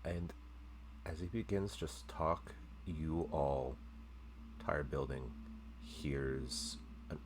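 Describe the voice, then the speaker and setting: A man running a tabletop game as game master, narrating in a measured, matter-of-fact way. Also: extremely low pitch, a little hiss or hum.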